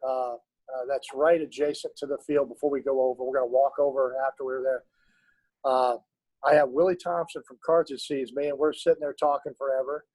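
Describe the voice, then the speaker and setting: Earnest middle-aged coach, slightly high voice. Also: male voice, darkish tone, no echo, low-quality recording. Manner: earnest, emotional, with many restarts. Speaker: basketball coach. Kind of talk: storytelling in an interview.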